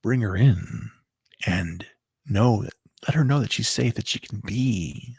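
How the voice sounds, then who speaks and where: A man delivers a loose, rambling commentary straight to his viewers, often restarting his sentences and muttering curses to himself. His voice is gravelly with a husky edge. The recording is dry and close. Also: fairly low pitch, measured pace, darkish tone, dry recording. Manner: rambling, restarts, swears under breath, sharing screen. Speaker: video commentator. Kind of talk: casual opinion monologue to camera.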